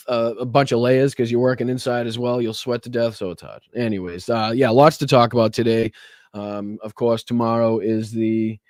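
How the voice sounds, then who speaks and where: A man with a Boston accent chats casually on his live stream, greeting viewers by name in a loose, profane way. He sounds stuffed up and hoarse from a chest cold. The sound is dry, with no room echo. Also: medium pitch, darkish tone. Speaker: podcast and live stream host.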